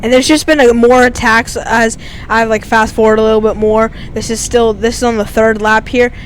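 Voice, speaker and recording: Extremely high-pitched and fairly flat, a teenage boy talks at a normal speed over clips of his own bike race, a casual, rambling vlog voice-over crowded with "like." A little hiss or hum sits under the recording.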